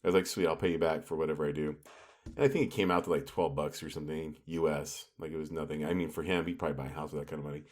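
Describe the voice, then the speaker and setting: A man with a low voice tells a meandering story on a casual podcast. He talks loosely, full of fillers and asides. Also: fairly even intonation, rapid-fire, darkish tone. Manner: rambling storyteller, lots of filler. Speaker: podcast co-host. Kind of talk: casual chat.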